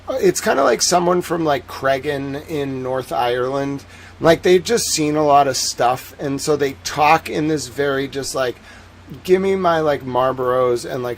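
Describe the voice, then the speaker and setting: A man's voice: medium pitch, a little hiss or hum. A man from Massachusetts with a local accent, hosting a livestream and chatting casually in a rambling way with constant "like" fillers. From Massachusetts, USA. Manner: rambling, heavy use of "like" fillers. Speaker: livestream host.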